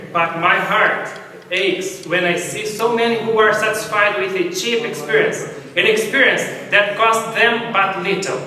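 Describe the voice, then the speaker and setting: Male preacher, high-pitched, earnest storytelling, distant mic in a reverberant sanctuary. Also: sharp tone. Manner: earnest storytelling, repeats and restarts phrases. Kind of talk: sermon. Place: church sanctuary. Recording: echoey church hall from far off.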